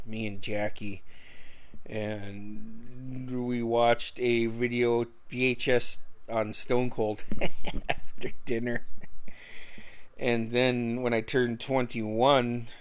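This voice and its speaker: A middle-aged man spinning a casual story at an unhurried, drawn-out pace. His voice sits at an ordinary pitch, and his manner is laid-back and salty, with frequent soft chuckles. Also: flat delivery. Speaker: vlogger.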